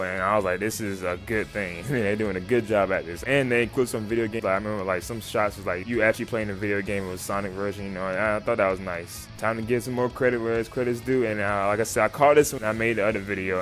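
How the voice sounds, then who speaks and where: A man casually reviewing a show for his channel, rambling and excited, full of slang and fillers. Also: lowish voice. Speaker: YouTube reviewer.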